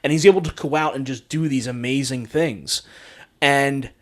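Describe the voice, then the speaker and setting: A man's voice: medium pitch, normal speed. A man co-hosting a casual movie podcast, rambling through his thoughts with many fillers and restarts and laughing easily. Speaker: podcast co-host.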